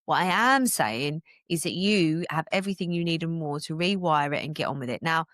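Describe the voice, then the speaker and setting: A woman from the UK hosting a solo business podcast, talking in an energetic, emphatic, motivational way and laughing often. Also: deep voice, brisk, no echo, clean studio sound. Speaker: podcast host and business coach.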